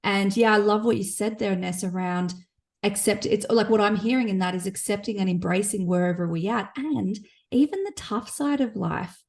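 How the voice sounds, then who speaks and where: A woman co-hosts a relaxed business podcast. She talks in an encouraging, reflective way, pitched mid-range, with practical tips. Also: moderate pace. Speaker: podcast co-host. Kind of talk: casual business podcast chat.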